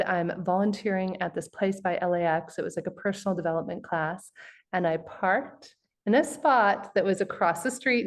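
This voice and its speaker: A woman hosting an interview, sharing an earnest, upbeat personal story. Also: medium pitch. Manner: earnest, upbeat, laughs while telling. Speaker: host. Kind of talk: conversational storytelling.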